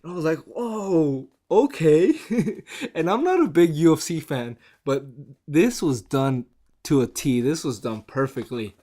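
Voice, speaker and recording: Excitable, chatty man giving a review. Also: a little high, moderate pace. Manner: excitable and chatty, often laughing. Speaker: show reviewer. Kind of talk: casual spoken review.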